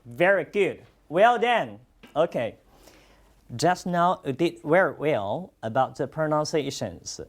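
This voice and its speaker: Teaching Chinese in English, a native-speaking instructor addresses a class of students in a mid-range voice. The pace is slow, the tone encouraging, and the praise comes repeatedly.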